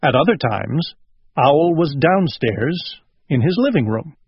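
Male storybook reader, unhurried and gentle, lively pitch; dry, close sound. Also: husky, no room sound. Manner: slow and gentle. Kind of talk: storybook read-aloud. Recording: dull lo-fi recording.

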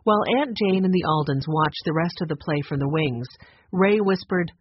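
A man's voice: on the high side, moderate pace, breathy edge, no room sound, highs cut off. A man narrating an audiobook, voicing each character in turn. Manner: acts out each character with a changed voice. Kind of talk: scripted narration.

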